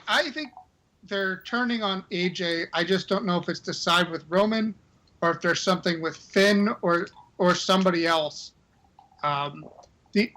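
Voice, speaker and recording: High-pitched, stammering man. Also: pushed and bright, rough recording. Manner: hesitant, stammering restarts. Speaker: podcast co-host. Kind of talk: casual chat about wrestling.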